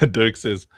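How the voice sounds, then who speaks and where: A man hosting a casual live stream in a goofy way, jumping into silly squeaky voices and laughing as he chats with his community. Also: slightly rough, no echo, studio quality.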